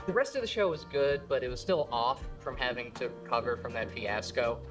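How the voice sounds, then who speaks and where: A man's voice: mid-range voice, brisk, over music, poor audio. A male stand-up comedian telling a story and acting out each character. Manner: animated, acts out every character.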